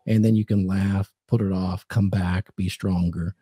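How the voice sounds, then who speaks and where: A man's voice: low-pitched, steady tone, unhurried, warm tone, husky, no echo, studio quality. A man hosting a podcast, giving dating advice in casual chat and acting out quoted lines in a commanding tone.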